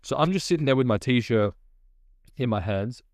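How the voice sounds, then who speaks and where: A man telling his personal testimony in a lively, conversational storytelling manner. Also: mid-range voice, normal speed, dry recording, clean studio sound. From Australia.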